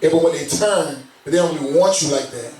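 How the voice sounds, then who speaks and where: Male co-host, 30s, casual slangy talker, pitch a touch high, roomy distant sound. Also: quick pace, slight background noise. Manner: relaxed, slangy, often asks "you know what I'm saying?". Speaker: podcast co-host. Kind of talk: casual chat.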